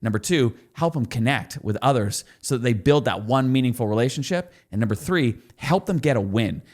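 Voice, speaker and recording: Animated man telling a story. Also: mid-range voice, fairly quick. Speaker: guest expert. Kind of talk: podcast interview storytelling.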